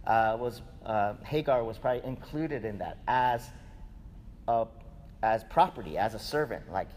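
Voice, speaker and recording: A man with a mid-range, darkish voice and moderate pace gives a sermon in an easygoing, conversational manner. He's a pastor who repeatedly asks "right?" The setting is an echoey hall with faint ambience and slight background noise.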